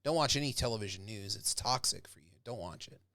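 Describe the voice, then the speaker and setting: A man's voice: fairly low pitch, animated, fast talker, bright, forceful tone, no room sound. A man, a professor, giving a casual lecture. He talks conversationally and acts out example speakers with growing intensity.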